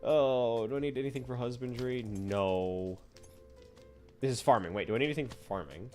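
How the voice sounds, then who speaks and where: A man's voice: medium pitch, normal speed, a little mellow, faint music behind. A man streaming a game, chatting casually and teasing his viewers with frequent laughter. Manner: playful, teasing, often laughing. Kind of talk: casual gameplay chat.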